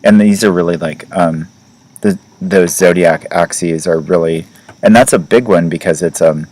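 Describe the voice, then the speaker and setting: A man's voice: sits low, normal speed, a little mellow, poor audio. A man hosting a podcast in loose, rambling casual chat, full of "like" and "you know", with light laughs between points. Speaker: astrology podcast host.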